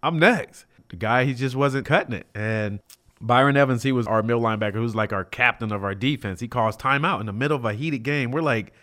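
A man in his fifties from California recounts his playing days as an interview guest in a mid-pitched voice. He talks in a lively way, lifting his pitch and volume sharply whenever he acts out someone else's words. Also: fast talker. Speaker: guest, former pro football player. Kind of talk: storytelling in an interview.

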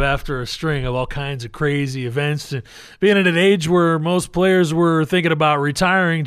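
A male radio host with an upbeat broadcaster's delivery, building up his guest as he introduces him. His voice is smooth and resonant and sits a little high for a man. It is recorded dry and close. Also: no echo. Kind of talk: radio interview.

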